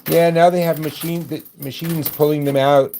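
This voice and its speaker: A man's voice: fairly high pitch, level tone, moderate pace, creaky, dark tone, slight background noise. A man from Brooklyn with a New York accent, chatting with viewers during a live stream as he plays a coin pusher. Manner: chatty, rambling, answers viewers by name. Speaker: livestream host. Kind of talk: casual live chat while playing a coin pusher.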